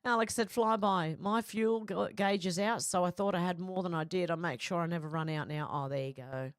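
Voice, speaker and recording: A woman's voice: on the low side, fairly quick, no echo, studio quality. Chatty woman reading viewer comments. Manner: chatty, laughs often, reads comments aloud. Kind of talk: casual live chat.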